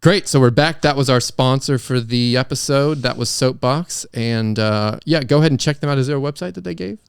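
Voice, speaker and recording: A young man co-hosting a podcast in a smooth, resonant voice, recorded dry and close on a studio mic. He rambles and hesitates, stopping to retake his lines in comedic banter. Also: mid-range voice, brisk, no room sound. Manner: hesitant, restarts and retakes often. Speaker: podcast co-host.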